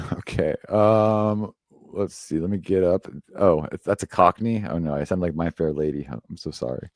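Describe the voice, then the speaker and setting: A man's voice: sits low, moderate pace, no room sound, studio quality. A man hosting a live stream and reading horoscopes in a rambling, chatty way, full of fillers and self-corrections. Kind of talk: casual live-stream chat.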